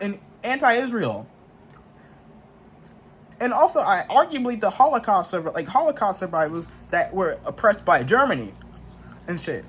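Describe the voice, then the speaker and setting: A man's voice: high-pitched, sing-song, normal speed, long pauses, fairly bright tone, breathy edge. A young man ranting in a frustrated, profane monologue full of slang and restarts. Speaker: vlogger.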